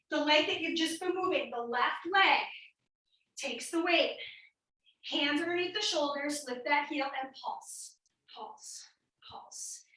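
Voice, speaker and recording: Woman fitness instructor, high and sharp, a bit winded, echoey room, mic across the room. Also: distant mic. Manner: upbeat counting cues, coaching while exercising. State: a little out of breath. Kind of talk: workout class instruction.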